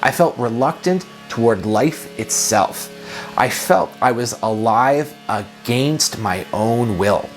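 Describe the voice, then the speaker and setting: A man in his thirties, a productivity coach, giving a reflective self-help talk full of questions and repeated phrases. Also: mid-range voice.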